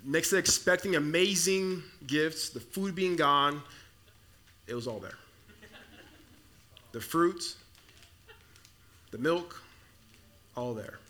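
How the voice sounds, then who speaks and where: Young male pastor from the Congo, high bright voice, chatty storytelling sermon in a church. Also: slow, pauses often. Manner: storytelling, conversational with repeated restarts. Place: church sanctuary.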